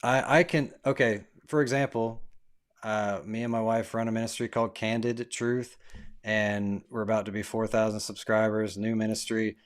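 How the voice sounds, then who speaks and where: A man's voice: lowish voice, level tone, normal speed, clear, resonant tone. A man who runs a ministry, talking as a podcast guest in a casual, earnest way, full of "like" and "dude". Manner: earnest, storytelling, fillers like "dude" and "like". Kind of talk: casual chat.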